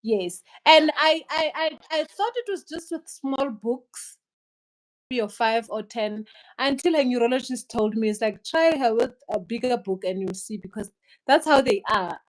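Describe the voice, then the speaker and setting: A woman with a high, bright-pitched voice hosts a relaxed conversation. She talks earnestly and gives gentle advice, with a light laugh here and there. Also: unhurried, low-quality recording. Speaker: host. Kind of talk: casual chat.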